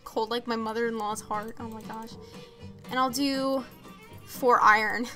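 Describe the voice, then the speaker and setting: A young woman talks casually while streaming a game, reading out chat and laughing often. Her voice sits a little high and sounds bright and clear. Soft music plays behind her. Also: steady tone, a little slow. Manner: chatty, reads chat aloud, laughs often.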